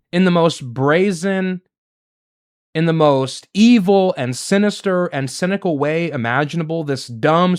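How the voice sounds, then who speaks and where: Male commentator, outraged, emphatic, slightly high voice with big swings in pitch. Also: darkish tone. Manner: indignant, emphatic, repetitive rhetorical questions. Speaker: political commentary host. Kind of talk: solo political commentary.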